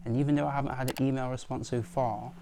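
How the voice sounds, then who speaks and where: A man's voice: medium pitch, steady tone, quick pace. A young man narrating a reflective vlog voice-over about building his business, earnest and self-critical. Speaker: aspiring marketing agency owner. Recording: music bed under voice.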